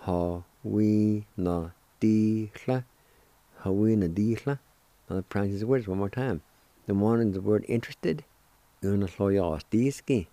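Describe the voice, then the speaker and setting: A man from Oklahoma giving a recorded language lesson, slowly spelling out words and repeating each one with encouragement. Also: lowish voice, mellow, dry recording. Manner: slow, careful, spells words letter by letter and repeats them. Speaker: language teacher and show host.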